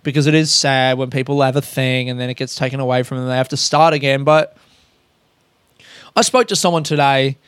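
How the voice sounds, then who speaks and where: A man's voice: medium pitch, steady tone, fairly quick, clear, resonant tone, no echo. A young man ranting casually in a podcast monologue, blunt and full of swearing but aware he is being harsh. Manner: profane, blunt, self-aware.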